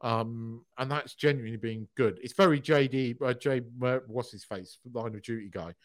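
A man's voice: mid-range voice, moderate pace. A man co-hosting a podcast, chatting casually with frequent fillers and casual swearing. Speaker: podcast co-host. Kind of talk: casual chat.

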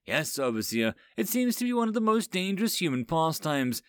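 A man's voice: a little high, sing-song, brisk, smooth, no room sound, studio quality, pitched above the performer's own voice. A man doing a cheerful machine scientist. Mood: eager. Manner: eager, explanatory. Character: curious, cheerful machine scientist studying humans.

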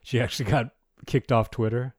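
A man's voice: medium pitch, steady tone, a little fast, darkish tone, no room sound, studio quality. A man co-hosting a podcast in casual chat, trading wry, teasing quips. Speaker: podcast co-host.

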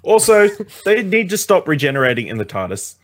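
Guy tossing in quick dry jokes while his friend recaps the episode. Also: sits high, very animated. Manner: dry interjections, chiming in briefly. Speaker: podcast co-host. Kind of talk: casual episode recap chat.

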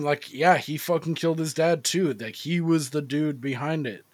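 A man's voice: fairly high pitch, moderate pace, few pauses, a bit bright, dry recording. Rambling, profane male podcast co-host. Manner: rambling and profane, with many fillers. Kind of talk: casual movie-review chat.

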